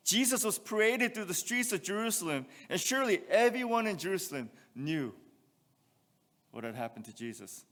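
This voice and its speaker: Male pastor, expository sermon, slightly high voice, long church reverb. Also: sing-song, moderate pace, a bit bright. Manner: expository preaching with rhetorical questions and scripture reading. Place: church sanctuary.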